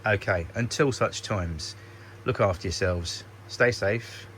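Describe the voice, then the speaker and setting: A man's voice: lowish voice, slow pace, a bit bright, slight background noise. A man talking casually through a how-to demonstration for his hobby channel, rambling a little and correcting himself as he goes. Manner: chatty, rambling, self-correcting, dry sarcasm. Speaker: model railway hobby vlogger.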